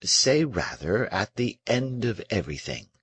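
Man reading melancholy young male prisoner, husky, soft-spoken, lifted pitch, lively. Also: a little slow, dry recording, full character voice. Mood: earnest. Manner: earnest, wistful and soft-spoken. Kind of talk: audiobook character reading.

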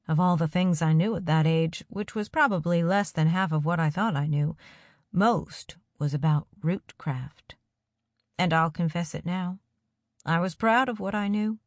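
A woman narrating a first-person story aloud in a calm, measured way. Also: sits low, no echo, studio quality. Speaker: audiobook narrator.

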